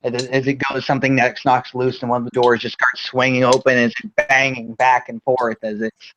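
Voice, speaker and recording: A man's voice: medium pitch, level tone, a little fast, fairly bright tone, highs cut off, slight background noise. A man playing a tabletop game, rambling in the first person about what his character does. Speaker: player.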